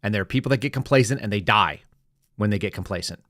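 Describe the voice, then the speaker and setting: A man's voice: fairly low pitch, fast, a bit bright, no echo, clean studio sound. A man hosting a commentary podcast, giving blunt, instructive advice. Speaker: podcast host. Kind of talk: political commentary.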